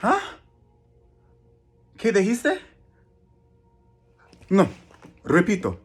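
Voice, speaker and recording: A man voicing a brash, loud Spanish-speaking character named Felipe. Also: high voice, huge pitch swings, very slow, husky, soft background music, pitched above the performer's own voice, exaggerated voice.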